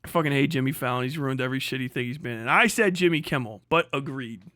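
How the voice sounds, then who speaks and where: A man's voice: mid-range voice, quick pace, sharp tone, no room sound. A young man hosting a livestream, ranting crudely and sarcastically, laughing often and answering chat. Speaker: livestream host. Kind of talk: profane ranting stream chat.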